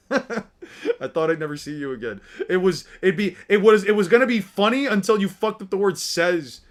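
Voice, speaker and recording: A man's voice: high-pitched, expressive, normal speed. A young man casually reacting to a comic with his chat, joking around, swearing freely and reading chat messages aloud. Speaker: streamer reading manga with chat.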